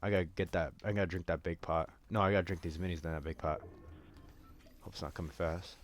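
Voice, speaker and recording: A man's voice: low voice, fairly even intonation, fast talker, slight background noise. A man giving casual gameplay commentary, rambling and joking crudely with a lot of swearing. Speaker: gaming streamer.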